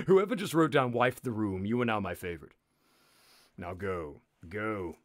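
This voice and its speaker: A man's voice: fairly low pitch, expressive, a little slow, pauses often. A man hosting a live text adventure game, narrating in a sardonic, mock-menacing, sweary way.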